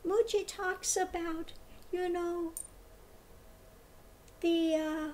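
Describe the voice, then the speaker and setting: High-voiced, slow, scornful woman. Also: a little mellow, a little hiss or hum. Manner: emphatic, repetitive, scornful. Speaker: tarot reader and spiritual commentator. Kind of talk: commentary monologue.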